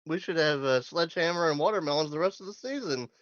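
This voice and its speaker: A man chats about football as co-host, wry and halting, with fillers and quick self-corrections. His voice sits fairly high for a man. The audio is dry and dull, with a lo-fi, muffled edge. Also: animated, a bit bright, dry recording. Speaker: sports podcast co-host. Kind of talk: casual sports chat.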